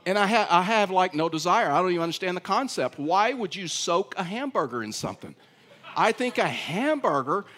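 A man's voice: high-pitched, fairly bright tone. A middle-aged man with a Texan accent preaching a sermon, telling folksy stories and acting out dialogue. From Texas. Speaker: pastor.

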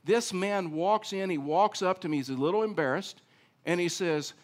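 A middle-aged male pastor preaching a sermon, telling a story with big swings between loud and soft. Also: high-pitched, moderate pace.

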